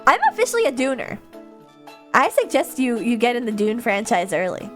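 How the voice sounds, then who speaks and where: A young adult woman chatting casually as a livestreamer, answering viewers' comments in an animated, chatty way with frequent laughter and casual swearing. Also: fairly high pitch, brisk, faint music behind.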